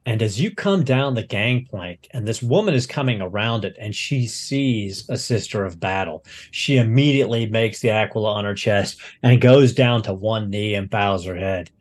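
A man's voice: on the low side, normal speed, few pauses. Man narrating as game master. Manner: loose, filler-heavy narration.

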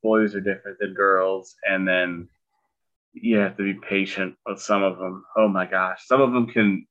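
A middle-aged man co-hosting a podcast in casual chat, making dry jokes with halting fillers. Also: sits low, fairly even intonation, fairly bright tone, highs cut off. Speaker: podcast co-host.

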